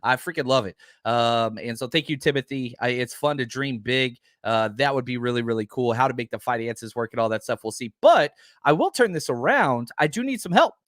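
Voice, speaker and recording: A man hosting a live podcast, talking fast and excitedly with lots of fillers, rambling from one point to the next. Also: medium pitch, no echo, studio quality. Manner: enthusiastic, rambling with many fillers. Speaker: podcast host. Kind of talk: live-stream podcast chat.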